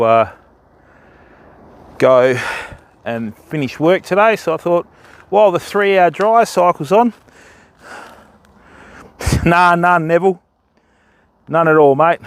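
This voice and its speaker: A man's voice: fairly high pitch, slight background noise. An Australian man from Western Australia chatting casually with viewers while fishing on a live stream. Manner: matey, chatty, talks to viewers by name. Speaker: fishing livestreamer. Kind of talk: casual livestream chat. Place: riverbank outdoors.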